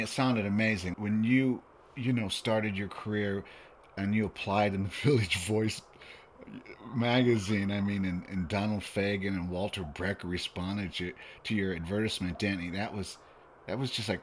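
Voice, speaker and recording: A man's voice: on the low side, fairly even intonation, moderate pace, slight background noise. A man hosting a radio interview show, talking in an enthusiastic, slangy way to his guest. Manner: enthusiastic, slangy, calls guest dude and bro.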